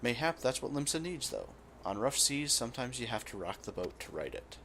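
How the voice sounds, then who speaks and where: Man reading as a gruff old guild boss. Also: mid-range voice, sing-song, a little fast, a bit bright, a little hiss or hum. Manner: reads in a rough dockside voice, drops it partway. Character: gruff old male guild boss, blustering sailor type.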